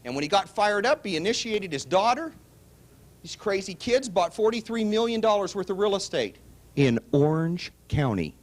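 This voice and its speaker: A man giving a motivational real estate seminar pitch to a live audience, telling stories and acting out both sides of the dialogue. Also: moderate pace. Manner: animated storytelling, acts out both sides of dialogue. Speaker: seminar speaker.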